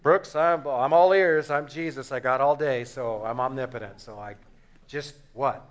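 A preacher doing a wry, patient Jesus. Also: male voice, medium pitch, normal speed, pitched below the performer's own voice, lightly acted. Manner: casual, wry. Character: Jesus, patient and dryly amused, male.

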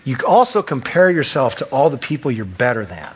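A man preaching a sermon as pastor, acting out quick voices of the accuser and of self-righteous churchgoers. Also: medium pitch, husky. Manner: acts out voices of Satan and churchgoers, animated.

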